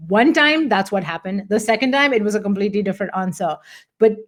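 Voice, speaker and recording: Earnest, animated woman coach. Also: mid-range voice, fast. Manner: earnest and animated, acting out her own past self. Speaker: business coach. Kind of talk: candid motivational talk to an audience.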